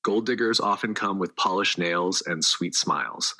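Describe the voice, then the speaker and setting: A man with a very low voice narrates a scripted story, each line measured and dramatic. His delivery is hard-hitting and forceful.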